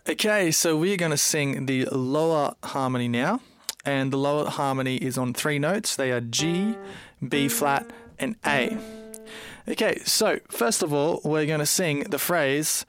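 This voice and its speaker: A male co-host teaching low vocal harmonies in a clear, methodical way, counting the beats aloud. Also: measured pace, dry recording, soft background music. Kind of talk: singing lesson.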